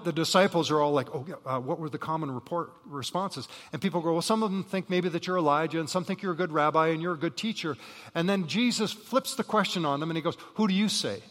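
A man preaching a sermon as pastor, telling Bible stories with lively acted voices and saying he has jet lag. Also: on the high side, fast. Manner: animated storytelling, acting out Bible figures with rising voice. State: jet-lagged. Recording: reverberant hall.

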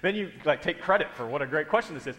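A man's voice: fairly high pitch, animated, very fast, a bit bright, big-room sound. A man preaching a sermon in a church, emphatic and speaking straight to the congregation. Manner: emphatic, addresses the congregation directly. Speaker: pastor. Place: church hall.

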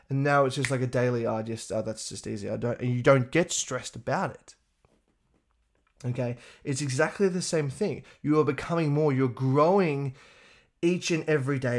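A man giving a profane, animated motivational talk. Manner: profane, animated, acts out others in a higher voice. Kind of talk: casual motivational monologue.

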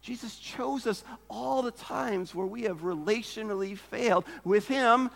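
A man's voice: high voice, measured pace, vocal fry, fairly bright tone, in a large hall. A man preaching a sermon as pastor, earnest and emphatic, who asks rhetorical questions and repeats phrases for effect.

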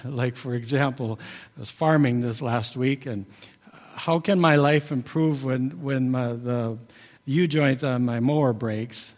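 A man's voice: mid-range voice, fairly even intonation, takes it slowly, darkish tone, big-room sound. A middle-aged man giving a folksy, conversational sermon. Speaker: preacher.

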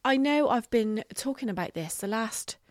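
A middle-aged woman hosting a solo podcast, talking candidly and reflectively, halting with fillers and the odd swear word. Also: on the high side, lively intonation, no room sound, clean studio sound. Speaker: podcast host. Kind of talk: casual solo podcast monologue.

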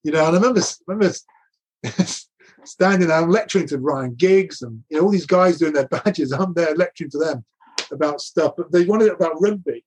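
A man's voice: fairly high pitch, a little fast, darkish tone, breathy edge. An older man, a former rugby coach, telling anecdotes in a casual interview, laughing often and restarting his sentences.

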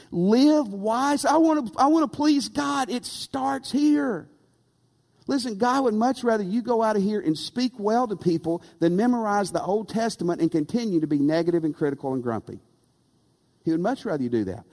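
Animated preacher in an echoing church. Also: male voice, high voice. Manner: animated, rhetorical, calls for amen. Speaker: pastor. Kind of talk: sermon. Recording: long reverb of a church hall.

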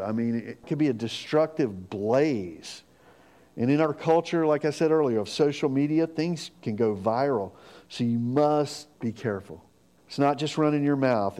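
A middle-aged pastor with a medium-pitched voice preaches a sermon in a conversational, animated way, acting out quotes as he goes.

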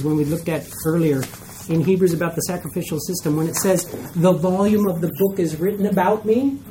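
A woman teaching a Bible study class to a group, animated and acting out skeptical listeners' reactions. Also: medium pitch, slight background noise. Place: room with a group.

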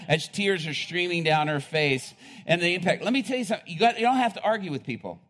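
A male preacher mid-sermon, his voice sitting a little high for a man. He tells his story with mounting excitement, laughs along the way and climbs to loud, emphatic peaks. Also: fast.

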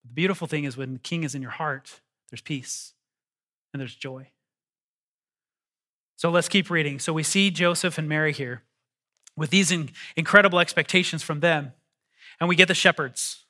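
A male pastor preaching a sermon with animated emphasis, reading scripture and calling on the congregation to answer back. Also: on the high side, brisk.

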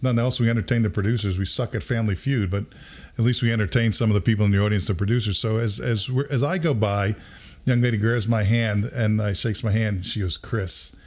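A man's voice: fairly low pitch, fast talker. Laughing middle-aged man telling a story. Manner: animated, acts out quotes with laughter. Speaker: podcast host. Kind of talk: casual storytelling.

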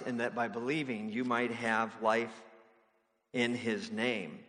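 A man's voice: mid-range voice, fairly bright tone. Guy preaching a sermon, chatty with some uhs then punchy, big echoey church. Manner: conversational preaching with fillers, rising to emphatic declarations. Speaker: pastor.

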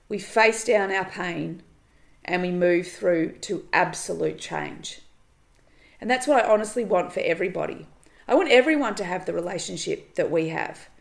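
Gravelly-voiced woman coaching earnestly. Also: lowish voice. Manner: earnest, emphatic, repeats phrases, swears casually. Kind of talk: solo motivational podcast monologue.

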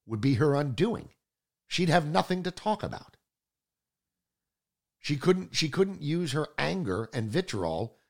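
Sarcastic guy ranting on his talk show, gravelly voice, big swings up and down. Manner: sarcastic, combative, swings from loud outbursts to low mutters. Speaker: political talk show host. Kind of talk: opinionated political commentary.

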